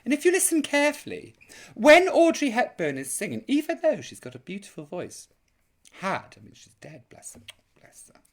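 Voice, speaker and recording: A woman's voice: a little high, huge pitch swings, moderate pace. A woman hosting a live online chat show, camp, theatrical and gossipy in her comic banter.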